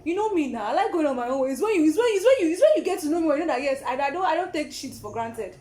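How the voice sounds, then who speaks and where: A woman's voice: high-pitched, racing, echoey room. A young woman with a Nigerian accent, co-hosting a casual chat and telling stories, acting out what people said and laughing often. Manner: animated storyteller, acts out quotes, laughs often. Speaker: podcast co-host.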